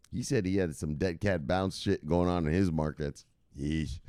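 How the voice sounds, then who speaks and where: A man's voice: low voice, moderate pace, warm tone, clean tone, no echo, clean studio sound. A man hosting a crypto news livestream in a loose, rambling way, swearing freely and barking out catchphrase sign-offs. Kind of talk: casual livestream chat.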